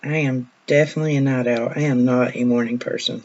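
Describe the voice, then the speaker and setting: A woman's voice: a bass voice, steady tone, fairly quick, a little mellow, muffled recording. A woman, a nurse chatting casually in a vlog, telling stories in a folksy way that trails off now and then.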